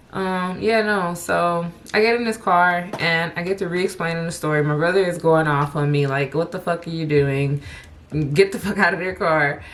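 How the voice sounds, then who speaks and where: Young woman, fairly low voice, animated storyteller, curses freely, faint background hiss. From Chicago. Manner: animated, laughing, profane storyteller. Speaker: vlogger. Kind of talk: storytime vlog.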